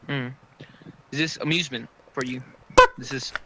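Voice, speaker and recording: A man chatting with a stranger on voice chat, playful and theatrical, with sudden loud outbursts. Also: mid-range voice, steady tone, moderate pace, noisy background. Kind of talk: casual voice-chat banter.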